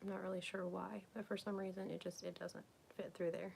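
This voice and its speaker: A woman's voice: fairly low pitch, flat delivery, fairly quick, gravelly, darkish tone, slight background noise. A woman, chatting casually and rambling on a live craft stream, often dropping to a whisper. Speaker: crafting vlogger.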